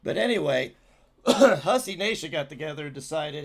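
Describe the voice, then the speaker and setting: A man's voice: a little high, expressive, normal speed, vocal fry. A man hosting a livestream, giving heated, sarcastic, profane commentary as he reacts to clips.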